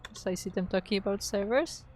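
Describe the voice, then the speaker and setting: A woman's voice: mid-range voice, a little fast, a little mellow. Female co-caster, casual and chatty, filler-heavy live commentary, faint music underneath. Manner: chatty, filler-heavy, reads chat aloud. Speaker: esports caster.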